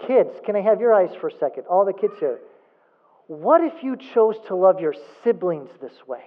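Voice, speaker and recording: Emphatic preacher on a tinny line. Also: male voice, sits high, sing-song, normal speed. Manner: emphatic, rhetorical questions, repeats for emphasis. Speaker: pastor. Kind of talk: sermon. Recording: phone-like thin sound.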